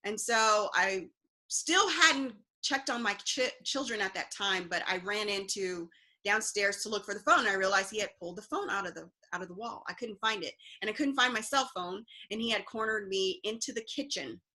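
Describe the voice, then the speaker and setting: A woman's voice: mid-range voice, normal speed, bright, forceful tone. A woman, an interview guest, earnestly recounting a personal story with fillers and restarts.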